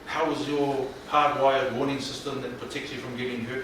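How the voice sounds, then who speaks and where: A man leading a mental health workshop, speaking in a colloquial, animated way and often questioning the audience. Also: medium pitch, normal speed. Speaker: workshop presenter. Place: room with live audience. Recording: echoey room, distant mic, faint noise.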